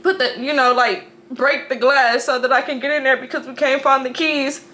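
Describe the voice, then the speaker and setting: A mother speaking to camera about a personal loss, halting and emotional, often restarting her sentences. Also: high-pitched, level tone, sharp tone. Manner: halting, emotional storytelling with frequent restarts and profanity.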